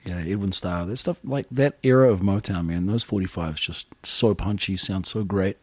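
A man from New Zealand hosts a record show with loose, chatty patter between songs. His voice sits low, and the sound is dry and close with no room around it. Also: moderate pace, no echo. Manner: relaxed, rambling, chatty. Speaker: radio DJ.

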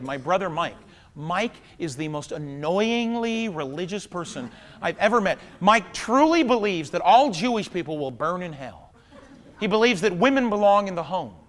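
A man in his thirties works through a stand-up routine. His voice sits high and rings with a bright edge. He tells his stories wryly, then erupts into loud, exasperated punchlines. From Pacific Northwest of the US. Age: 30s. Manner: wry storytelling, bursts into loud exasperated punchlines. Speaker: stand-up comedian. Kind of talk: stand-up monologue. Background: audience laughter.

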